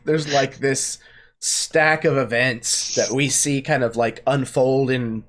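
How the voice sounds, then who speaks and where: A man running a tabletop game as its game master. He narrates the events in a loose, casual manner, with plenty of fillers, at a medium pitch. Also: steady tone, takes it slowly, a bit bright.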